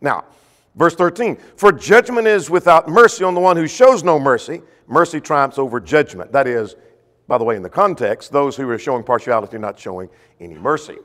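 A man preaching a sermon, emphatic, swinging between loud stressed points and soft drawn-out phrases. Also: a little high, animated, big-room sound.

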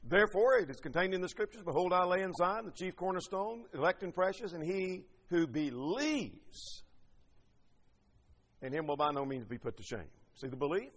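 A man's voice: high-pitched, big pitch swings, normal speed, big-room sound. A man preaching a sermon, teaching emphatically through rhetorical questions and scripture quotations.

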